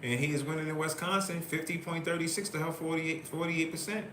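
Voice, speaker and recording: A male host giving excited live election-night commentary, repeatedly reading out vote counts. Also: fairly high pitch, fairly quick, reverberant, noisy background.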